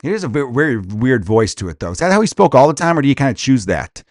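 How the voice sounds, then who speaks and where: Crude, profane, and animated, this comedy podcast host rants casually and drops into quick impressions. His mid-range voice comes through a dry, clean studio recording.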